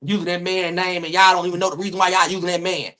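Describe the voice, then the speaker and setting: Loud profane man ranting on a stream. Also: little pitch movement, rapid-fire. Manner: loud, profane, dramatic rants that jump into high-pitched shouting. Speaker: gossip streamer host. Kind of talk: casual live-stream commentary.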